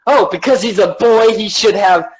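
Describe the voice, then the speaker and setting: A shrill, whiny busybody scolds and accuses in a mocking, raised voice, as a man puts him on. He sounds indignant and high-pitched. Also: normal speed, close to an everyday voice, poor audio. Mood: whiny scolding.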